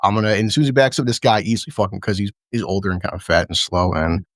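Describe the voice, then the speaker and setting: A man hosting a casual recap chat, excitedly narrating fight scenes play-by-play with lots of swearing and laughter. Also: on the low side, quick pace, dry recording, clean studio sound. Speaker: show host.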